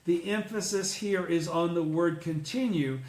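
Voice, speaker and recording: A man's voice: on the high side, unhurried, darkish tone. A man leading an informal religious study group, explaining a text, checking in with listeners and swearing casually. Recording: roomy echo.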